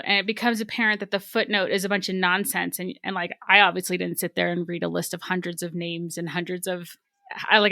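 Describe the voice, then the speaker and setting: Bright-voiced woman chatting on a book podcast, animated, lots of likes, dry sound. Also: medium pitch, no echo. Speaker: podcast co-host. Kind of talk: casual book club discussion.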